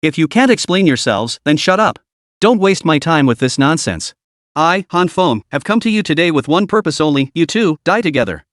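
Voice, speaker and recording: A man's voice: on the high side, animated, moderate pace, fairly bright tone, dry recording, studio quality. A man voicing a cold, vengeful young man who speaks with scorn.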